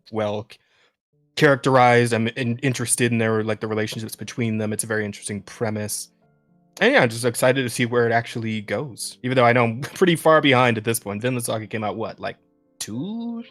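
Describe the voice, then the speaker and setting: A man's voice: medium pitch, fairly bright tone. A young man co-hosting a podcast in casual chat, rambling with lots of restarts, swearing and laughing often. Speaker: podcast co-host.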